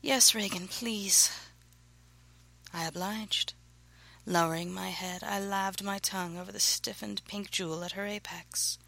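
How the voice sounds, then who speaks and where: A woman reading her own erotic novel aloud, narrating softly and breathily, often close to a whisper. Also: fairly low pitch, fairly even intonation, moderate pace, vocal fry, low-quality recording.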